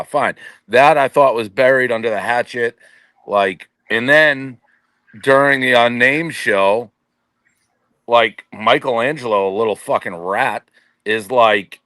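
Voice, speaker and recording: A man's voice: mid-range voice, bright, forceful tone, no echo. A man on a podcast panel, ranting in a profane, exasperated and blunt way. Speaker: company boss on a podcast panel. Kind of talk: heated casual rant.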